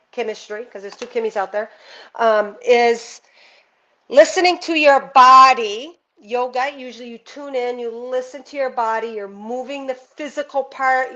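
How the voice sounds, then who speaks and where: Woman, spiritual card reader, earnest and intuitive, fairly high voice, muffled recording. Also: a bit bright. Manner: earnest, intuitive, talks straight to one viewer. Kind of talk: casual live card reading.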